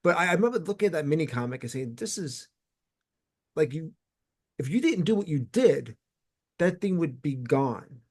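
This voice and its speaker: Chill guy hosting an interview, joking around, voice a bit on the high side. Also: normal speed, pauses often. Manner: relaxed, jokey banter. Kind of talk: casual conversation.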